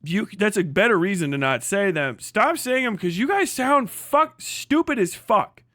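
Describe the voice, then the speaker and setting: An American man rants on his livestream in a loose, profane ramble, breaking into laughter. His voice sits high for a man. The sound is dry and close, with no room in it. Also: expressive, moderate pace, bright, forceful tone, no echo. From United States. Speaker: livestream host. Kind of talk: casual livestream rant.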